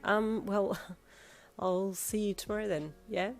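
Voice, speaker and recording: A woman's voice: medium pitch, takes it slowly, vocal fry, soft background music, voice pushed up. A woman voicing a shy young woman who stammers and gets easily flustered in a storybook reading.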